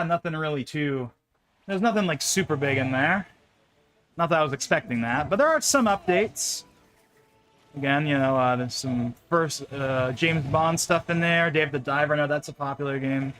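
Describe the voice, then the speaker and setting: A man's voice: a little high, a little fast, fairly bright tone. A young man chatting casually on a live stream while playing a game, rambling, laughing often and repeating words.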